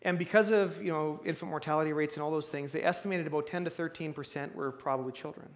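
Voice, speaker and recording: High-voiced male preacher in a reverberant hall. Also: fairly even intonation, quick pace. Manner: conversational, with restarts and bursts of emphasis. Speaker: pastor. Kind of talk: sermon.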